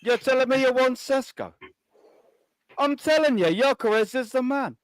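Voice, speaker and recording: A man's voice: extremely high pitch, animated, normal speed, no room sound, clean studio sound, pitched above the performer's own voice. A man doing a comic impression of a pushy, swaggering male wheeler-dealer during a casual chat. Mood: cocky. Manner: swaggering, insistent.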